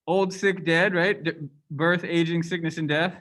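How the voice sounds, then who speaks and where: A man with a fairly high voice lectures a university class in a relaxed, conversational way. He keeps checking in with rhetorical questions as he goes. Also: normal speed.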